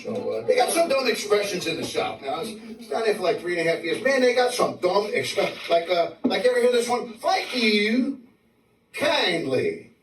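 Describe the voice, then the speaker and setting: NY man, stand-up, high lively voice, distant roomy club mic, audience laughing. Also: quick pace, hardly any pauses, a crowd in the background. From New York City. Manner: brash, swearing punchlines with stammered restarts. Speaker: stand-up comic. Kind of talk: live stand-up set. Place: comedy club stage with audience.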